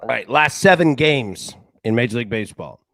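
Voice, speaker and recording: Excitable stammering man, dry sound. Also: mid-range voice, a little fast, dry recording, rough recording. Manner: excitable, stammering restarts, slangy. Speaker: sports betting show host. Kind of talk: casual live-show commentary.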